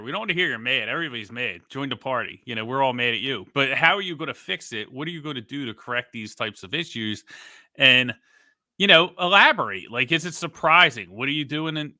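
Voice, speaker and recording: A man, co-hosting a sports podcast in animated casual talk. His voice is very bright and sharp, and the sound is dry and close. He mocks the coach when he quotes him. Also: medium pitch, no room sound. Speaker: podcast co-host.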